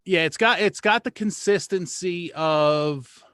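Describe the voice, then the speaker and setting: A man's voice: high-pitched, takes it slowly, fairly bright tone, clear, resonant tone, no echo, clean studio sound. A man hosting a casual talk show, blunt and profane, often restarting his words. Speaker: podcast host. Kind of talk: casual chat.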